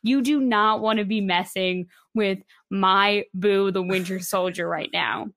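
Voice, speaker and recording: A woman co-hosting a casual review podcast, her voice sitting in an ordinary middle pitch. She retells scenes with animation, slipping into the characters' lines. The sound is dry and close. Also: a little slow, no echo. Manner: animated retelling, acting out quotes. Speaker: podcast co-host. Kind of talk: casual recap chat.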